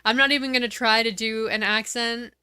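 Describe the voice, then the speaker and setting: A woman's voice: on the high side, steady tone, fairly quick, bright, forceful tone, clean tone, no echo. A woman streaming a game, chatting casually and laughing often. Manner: giggly, chatty, reads chat. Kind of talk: casual gameplay stream chat.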